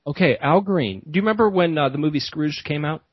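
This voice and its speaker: A man's voice: on the high side, expressive, fairly quick, husky, no echo, dull audio. A man, a podcast host, telling a long rambling story in casual chat, full of restarts and asides.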